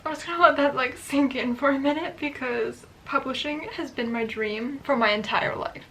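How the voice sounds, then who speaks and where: Chatty high-voiced woman vlogger. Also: moderate pace, slight background noise. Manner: excited, chatty, lots of "like" fillers. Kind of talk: casual vlog talk to camera.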